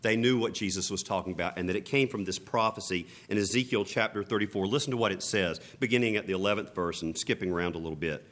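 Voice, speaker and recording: A man's voice: low-pitched, quick pace, few pauses, fairly bright tone. A man preaching a sermon as pastor, mixing casual asides and humor with emphatic repeated lines.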